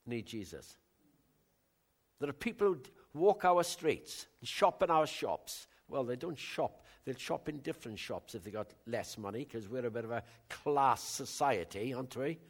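An older man preaching a sermon in a conversational way, bantering with the congregation, with big swings in loudness. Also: mid-range voice. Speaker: pastor.

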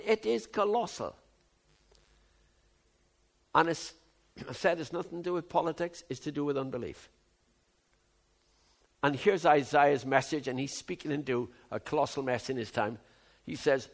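A man in his seventies preaching a sermon, moving from low musing to loud, emphatic outbursts. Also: vocal fry. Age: 70s.

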